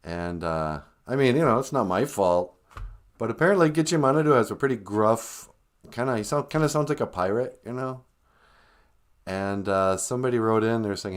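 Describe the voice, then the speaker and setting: A man's voice: on the low side, lively intonation, a little fast. A man hosting a casual livestream who tells jokey stories and acts out quotes. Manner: joking storyteller, acts out voices. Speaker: livestream host.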